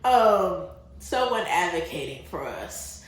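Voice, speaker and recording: A woman's voice: fairly low pitch, very animated, slow pace. A young American woman telling a travel story to her viewers, chatty, laughing often and full of fillers. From United States. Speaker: vlogger. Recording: very echoey room.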